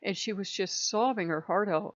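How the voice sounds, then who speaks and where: A woman's voice: medium pitch, moderate pace, no room sound. A woman vlogger telling a spiritual story in a casual, rambling way with many fillers. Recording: dull lo-fi sound.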